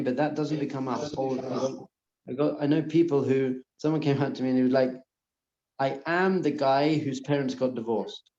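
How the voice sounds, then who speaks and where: Earnest rabbi in an echoey room. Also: male voice, medium pitch, lo-fi sound. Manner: earnest, repeats soothing phrases softly. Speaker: rabbi giving a class. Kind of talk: lecture to a live audience.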